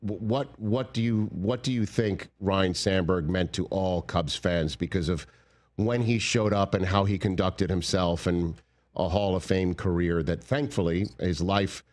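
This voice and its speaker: Male sports talk host, deep low voice, conversational, sympathetic. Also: a little slow, a little mellow. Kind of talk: sports talk show hosting.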